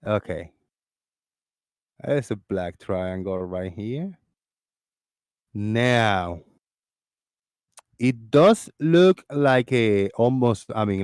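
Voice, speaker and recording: An excitable man with a Floridian accent hosts a casual live stream. He rambles and restarts his sentences, and his voice sits close and dry on the mic with no room sound. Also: on the low side, no echo. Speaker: host of a live call-in discussion.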